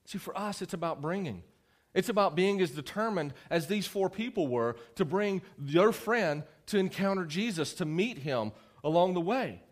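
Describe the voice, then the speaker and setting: Young male youth preacher, slightly higher voice, lively and teasing in a casual sermon. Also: normal speed. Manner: animated, conversational, teasing the audience.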